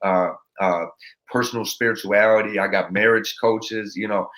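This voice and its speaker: A man, a motivational speaker talking as a podcast guest in an energetic, rambling way, full of restarts. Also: fairly low pitch, normal speed. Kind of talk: casual interview chat.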